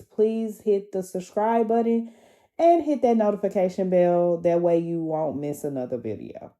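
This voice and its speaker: A woman's voice: mid-range voice, warm tone. A woman host opening her channel's video in a friendly, inviting way. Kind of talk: video intro.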